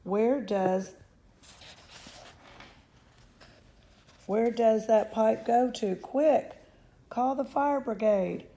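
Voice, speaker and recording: A woman voicing a frantic, shrieking middle-aged mother with a shrill, hysterical manner. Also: slow pace, creaky, mellow, highs cut off.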